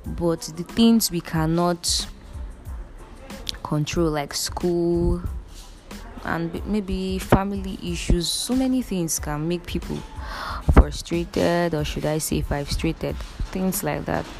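A woman's voice: fairly low pitch, takes it slowly, over music. A young woman with a Nigerian accent telling her own story to viewers in an earnest, emphatic way, often calling out to them directly. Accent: Nigerian English. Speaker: vlogger. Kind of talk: casual direct-to-camera storytelling.

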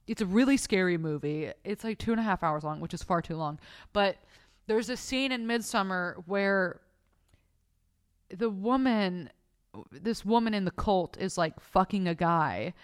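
A young adult woman hosts a podcast from her bed at home, speaking into a close mic in front of her face. Her medium-pitched, clean-toned voice is unhurried as she tells a story in casual, profane chat, animated and acting out voices.

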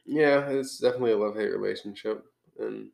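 A man's voice: fairly low pitch, fast talker, vocal fry, darkish tone. A man co-hosting a podcast in a loose, easygoing chat, rambling with lots of fillers. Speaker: podcast co-host. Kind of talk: casual comedic chat. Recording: roomy echo.

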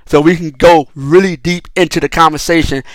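A man hosts a solo podcast in a raised, somewhat high voice, swearing freely and circling back over his own words. The sound is close and completely dry, with no room around it. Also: fairly even intonation, moderate pace, no echo. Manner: profane, heated and rambling, with frequent restarts. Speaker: podcast host. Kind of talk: casual solo podcast commentary.

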